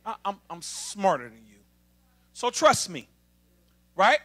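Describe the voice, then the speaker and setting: A man preaching an emphatic sermon to a congregation, calling for responses from the pews and building up to shouting. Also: sits high, sing-song, slow pace. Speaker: assistant minister.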